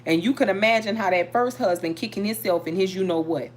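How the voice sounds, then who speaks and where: A middle-aged woman hosting a casual chat, telling a story in an animated, preachy way. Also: a little fast, a little hiss or hum. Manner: animated, preachy, emphatic with sudden pitch jumps. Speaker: tarot channel host.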